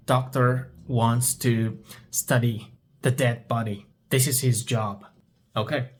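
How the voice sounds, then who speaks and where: Slow, patient male English teacher. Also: mid-range voice, steady tone, breathy edge. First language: Turkish. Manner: patient, repeats each question, asks and answers himself. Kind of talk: story-based English speaking practice.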